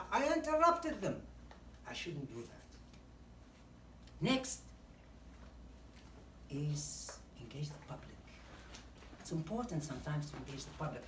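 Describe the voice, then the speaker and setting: A woman's voice: lowish voice, background noise. A woman giving a speech on public speaking, listing numbered tips and acting out short examples. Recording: echoey hall from far off, faint ambience.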